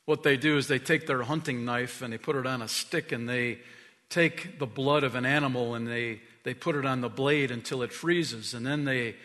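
A man preaching a sermon as pastor, telling stories with emphasis, dropping to a hush and rising to loud calls. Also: mid-range voice, long reverb tail. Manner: emphatic storytelling preacher, swinging from hushed to loud. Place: church sanctuary. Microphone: stage mic.

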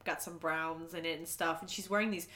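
A woman co-hosting a podcast in casual chat, recapping a reality show, giggly and animated, swearing casually. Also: low voice, a little fast.

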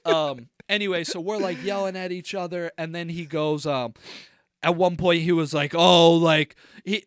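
Man, New Jersey accent, podcast co-host, animated and foul-mouthed, dry close sound. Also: sits high, moderate pace, dry recording. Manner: animated, profane storytelling. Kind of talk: casual chat.

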